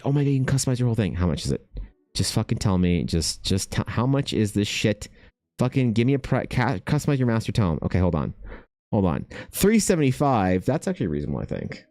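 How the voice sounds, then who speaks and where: A young man streaming casually, excitable and thinking aloud, swearing freely as he chats. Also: on the low side, fast, no echo, faint music behind. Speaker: art streamer. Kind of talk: casual livestream chat.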